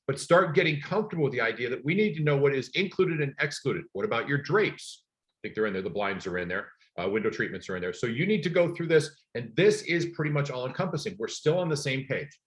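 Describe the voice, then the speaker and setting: A man's voice: mid-range voice, quick pace. A middle-aged man teaching a class for real estate agents, talking emphatically and telling stories from his own work. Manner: energetic, emphatic coaching with personal stories.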